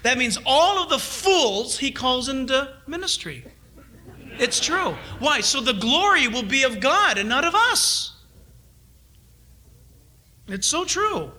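High, bright-voiced male preacher. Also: slow, long pauses. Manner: animated, swings between loud urging and hushed asides. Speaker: pastor. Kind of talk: sermon.

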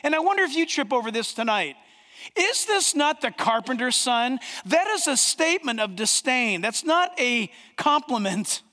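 A pastor preaches with emphatic, dramatic pauses, his voice pitched very high and bright. The sound carries a long reverb from a large hall. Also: very animated. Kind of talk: sermon.

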